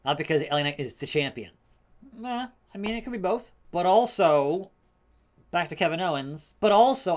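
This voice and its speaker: A man hosting his gaming channel, giving casual play-by-play of a wrestling game with wry sarcasm and sudden bursts of excitement. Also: a little high. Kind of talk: casual gameplay commentary.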